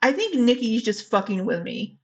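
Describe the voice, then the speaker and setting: A woman reacts live for her viewers in a loose, teasing chat and now and then swears. Her voice is husky and slightly breathy. The recording sounds dull and lo-fi. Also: fairly high pitch, very animated, moderate pace, darkish tone. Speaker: livestream reaction host.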